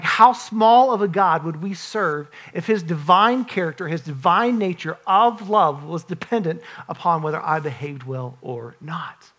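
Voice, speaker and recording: A man's voice: high voice, a bit bright. Man preaching an earnest conversational sermon. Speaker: pastor.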